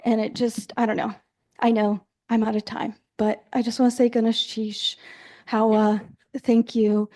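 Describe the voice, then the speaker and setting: A woman's voice: fairly high pitch, little pitch movement, unhurried, mellow. A woman speaking frankly at a tribal assembly, casual and exasperated, with many fillers. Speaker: community member speaking at assembly. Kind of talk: impassioned floor speech. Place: large assembly hall.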